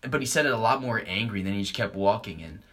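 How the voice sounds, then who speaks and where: A man's voice: fairly low pitch, expressive, fast, noisy background. A young man, a stand-up comic hosting a podcast, rambling in a laid-back, crude, joking way. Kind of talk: casual rambling comedy chat.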